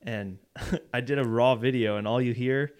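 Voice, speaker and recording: A man on a podcast who shoots videos, telling stories in a lively, casual way. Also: mid-range voice, normal speed.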